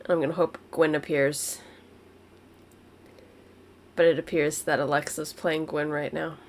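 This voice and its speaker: A woman's voice: low voice, little pitch movement, a little slow, slight background noise. Woman, tabletop player, casual, stating actions. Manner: casual, in-character action statements. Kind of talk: playing a tabletop game.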